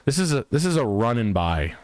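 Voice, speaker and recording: A man talks in loose, joking banter with plenty of swearing, chatting casually on a live stream. His voice sits at a middle pitch, and the recording is dry and close-miked. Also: big pitch swings, a little fast, darkish tone, dry recording. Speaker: guest home builder.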